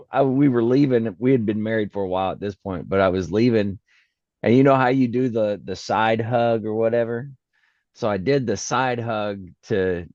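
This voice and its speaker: A man's voice: on the low side, darkish tone, no room sound. A middle-aged man, a podcast co-host in casual chat, who laughs often and pads his talk with "uh". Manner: laughs a lot, lots of uh fillers. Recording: dull lo-fi dry sound.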